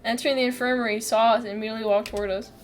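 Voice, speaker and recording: A woman's voice: on the high side, fairly even intonation, rapid-fire, a little hiss or hum. A woman streamer reading a game aloud, giggly, chatty, and self-mocking.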